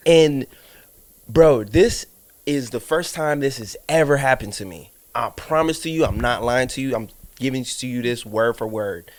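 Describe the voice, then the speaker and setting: A man's voice: mid-range voice, normal speed. Man telling a wild story on a podcast. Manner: animated storyteller, acts out his own lines, swears often. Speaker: podcast co-host. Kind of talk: casual storytelling chat.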